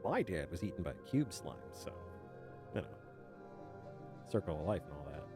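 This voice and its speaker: While gaming on stream, a young man keeps up a loose conversation with his viewers, full of laughter and silly digressions. He has a low-sitting, very animated voice at a moderate pace. Game music plays faintly in the background.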